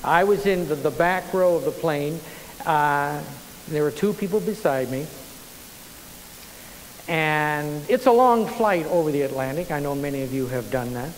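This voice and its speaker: A man's voice: fairly high pitch, measured pace. Pastor guy, sermon story, restarts a lot, big echoey church, bit of hiss. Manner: animated storyteller, frequent restarts. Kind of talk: sermon with personal anecdote. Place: church sanctuary. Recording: long church reverb, faint hiss.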